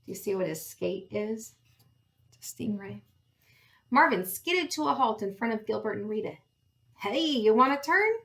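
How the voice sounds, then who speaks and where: A woman reading a picture book aloud to young listeners, expressive and adding friendly asides. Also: mid-range voice, moderate pace, vocal fry, long pauses. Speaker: storybook reader.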